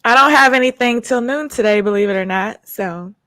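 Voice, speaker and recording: A woman's voice: a little high, fairly quick, pushed and bright, no room sound. A woman who is the show's resident attorney and PR person, chatting cheerfully on a morning radio show. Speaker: regular guest, attorney and PR.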